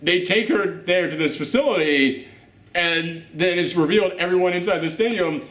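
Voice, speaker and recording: A man hosting a casual movie reaction chat, animated and profane, laughing often. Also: high-pitched, moderate pace. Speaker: host of a movie reaction show. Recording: roomy echo.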